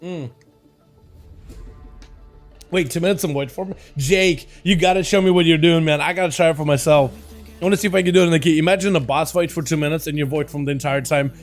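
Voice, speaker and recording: A man with a hoarse, scratchy voice, hosting a live game stream, chatting with viewers and calling matches play-by-play. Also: fairly high pitch, fairly even intonation, fast talker, faint music behind. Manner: friendly, addresses chat as boys.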